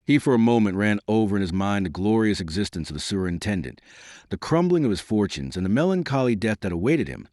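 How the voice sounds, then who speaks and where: A man narrating a classic novel in a measured storytelling way. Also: fairly low pitch, big pitch swings, a little mellow, dry recording, studio quality. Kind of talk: scripted audiobook narration.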